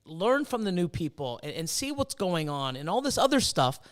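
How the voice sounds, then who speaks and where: A man's voice: sits high, big pitch swings, normal speed. A middle-aged man hosting a casual chat, swearing freely and acting out his own past reactions. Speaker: host.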